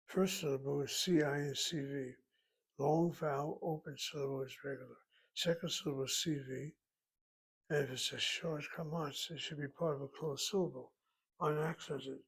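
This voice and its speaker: Man, Hebrew teacher, gravelly, breathy rasp, slow methodical explaining, thinking aloud. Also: fairly high pitch, steady tone, low-quality recording. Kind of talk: recorded Hebrew grammar lesson.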